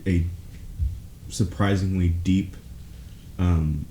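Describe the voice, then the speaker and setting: A man co-hosting a podcast who speaks haltingly, stammering as he searches for words. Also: deep voice, fairly even intonation, dark tone, slight background noise. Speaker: podcast co-host. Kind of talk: casual chat. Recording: echoey room.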